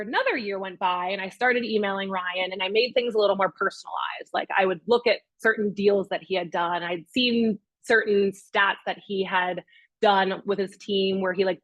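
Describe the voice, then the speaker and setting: A woman's voice: medium pitch, dry recording, muffled recording. A young adult woman, a real estate agent, telling a personal story at a master class and acting out her own past words and other people's. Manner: animated storyteller, quotes herself and others.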